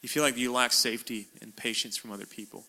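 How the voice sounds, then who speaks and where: A man's voice: mid-range voice, fairly even intonation, fast talker, creaky, pushed and bright. A man interviewing a guest, asking his questions in a hesitant, conversational way with frequent fillers.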